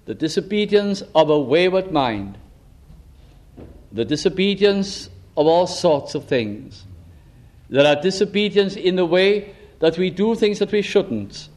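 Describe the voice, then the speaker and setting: Male preacher, high-pitched, earnest, asks pointed questions and sinks to a hush. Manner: earnest, probing rhetorical questions, drops to a hush. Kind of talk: sermon.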